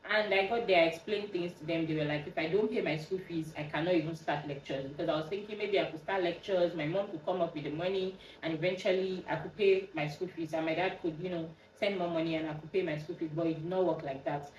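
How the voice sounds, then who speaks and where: A young woman with a Nigerian accent tells her own story in a casual, lively way, slipping into other people's voices as she goes. Her voice sits a little low. She is set back from the mic in a room with a lot of echo and a faint hum underneath. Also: fast, few pauses, far from the mic, highs cut off. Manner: animated, acts out quoted dialogue with a raised voice. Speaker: podcast host.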